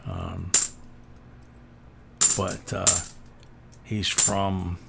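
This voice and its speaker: A man's voice: low-pitched, little pitch movement, extremely slow, gravelly, heavy background noise. A man hosting a casual coin-hunting livestream, chatting and answering viewer comments as he sorts coins. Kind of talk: casual live-stream chat.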